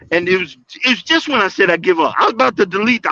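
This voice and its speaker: Bright, high-voiced man telling stories. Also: normal speed, dry recording. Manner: animated, acts out quotes with big pitch jumps. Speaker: guest speaker on a livestream call. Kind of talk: casual storytelling. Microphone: livestream call. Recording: dull lo-fi livestream audio.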